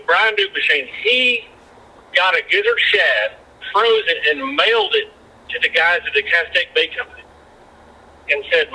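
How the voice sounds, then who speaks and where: A man's voice: high-pitched, bright, forceful tone, low-quality recording. A man who used to be a fishing guide, telling rambling anecdotes with many restarts as a podcast guest. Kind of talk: casual storytelling chat.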